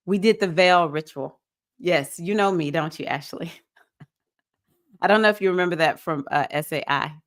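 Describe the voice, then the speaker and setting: Woman, 50s, livestream host, lowish pitch, animated greetings. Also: moderate pace. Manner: animated, greets viewers, sudden high whoops. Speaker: spiritual circle host. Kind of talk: livestream chat with viewers.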